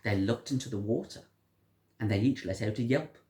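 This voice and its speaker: A storyteller reading a picture book aloud to a child in an animated, sing-song way. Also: mid-range voice, a little fast. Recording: roomy echo.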